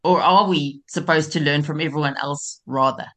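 A woman's voice: deep voice, moderate pace, fairly bright tone. A South African woman interviewing a guest, asking questions and giving brief attentive prompts. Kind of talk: radio interview.

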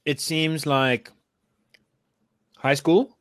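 A man co-hosts a casual chat, talking in a rambling, hesitant way and often restarting his sentences. His voice sits somewhat high for a man. The recording is dry, with no room sound. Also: fairly even intonation, very slow, a bit bright, dry recording. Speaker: podcast co-host.

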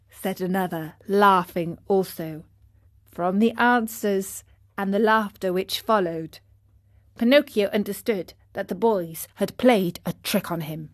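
A woman narrating a children's story in a gentle, measured storytelling manner. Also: mid-range voice, no room sound, studio quality.

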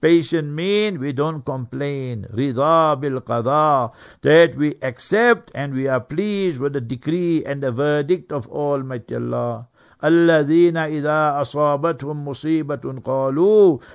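A man, a mufti teaching on a radio show, explaining verses earnestly and with emphasis, reciting Arabic passages quickly. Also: on the high side, gravelly. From South Africa. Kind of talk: religious talk on Quran verses. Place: radio studio.

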